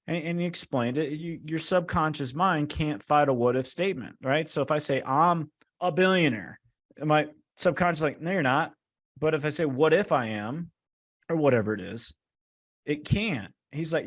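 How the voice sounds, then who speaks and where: A man's voice: fairly high pitch, moderate pace. A man talking as a guest author in an interview, telling stories casually and acting out the dialogue he quotes. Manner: animated, acts out quoted dialogue; casual, frequent "right?" and "like". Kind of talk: storytelling interview talk.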